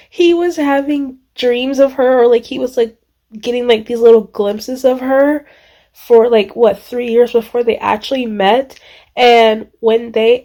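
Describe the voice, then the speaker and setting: A woman book vlogger talking casually to the camera, gushing and excitable, rambling with many fillers and restarts. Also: high-pitched, measured pace. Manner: gushing, excitable, lots of exclamations. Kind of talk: casual reading vlog.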